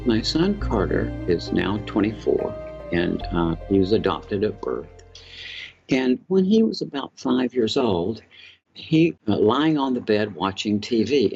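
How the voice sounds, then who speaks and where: A middle-aged man speaks in a reflective, halting way as he tells personal stories for an interview. His voice has a gravelly fry. The recording is dull and lo-fi, with music playing beneath him. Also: medium pitch, a little mellow. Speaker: author and filmmaker guest. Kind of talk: storytelling in an interview. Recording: dull lo-fi sound with music underneath.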